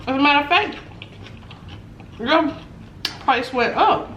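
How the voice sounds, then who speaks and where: A woman tells a story in a relaxed vlog chat, animated and quick to laugh. Her voice sits a little high. The room gives it a roomy echo with faint noise behind. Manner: animated, laughs often, acts out quotes. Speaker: mukbang vlogger.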